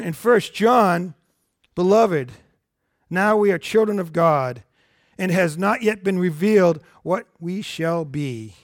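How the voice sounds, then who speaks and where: An earnest male preacher teaching from Scripture in a conversational way, often turning to his listeners with questions. His voice sits high for a man. The sound is close and dry, with no room echo. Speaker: Bible teacher. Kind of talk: sermon.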